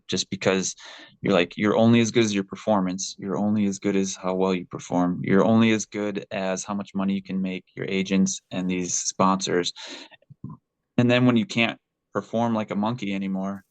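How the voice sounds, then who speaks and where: Candid man with a low voice. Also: dry recording. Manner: candid and animated, swears freely, frequent restarts. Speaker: interview guest, former pole vaulter. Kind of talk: casual interview conversation.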